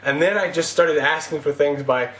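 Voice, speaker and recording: A man's voice: on the high side, moderate pace, a bit bright, roomy sound. A man talking casually to camera in a rambling, self-mocking comic monologue. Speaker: vlogger.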